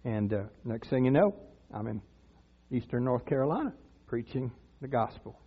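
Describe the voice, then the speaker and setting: An older man preaching a sermon in a church, earnest and conversational, rising to loud cries when he voices prayers. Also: medium pitch, lively intonation, normal speed, breathy edge. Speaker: pastor. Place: church sanctuary. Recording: tinny lo-fi sound with long church reverb.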